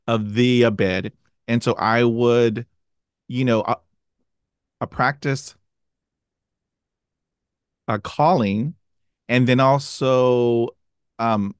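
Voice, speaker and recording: Guy w a stutter, halting and earnest, lots of ums, dead dry mic. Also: mid-range voice, clear, resonant tone, dry recording. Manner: halting, earnest, many fillers. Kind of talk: casual chat.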